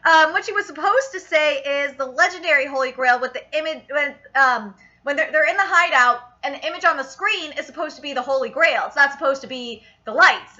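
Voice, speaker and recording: A young woman reviewing an anime in a casual vlog, excitable and exasperated, swearing often. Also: high voice, a little fast, few pauses, muffled recording.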